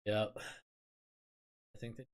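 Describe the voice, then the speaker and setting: A man hosting a casual livestream chat, rambling with lots of fillers, laughing and swearing as he talks. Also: slow. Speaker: streamer host.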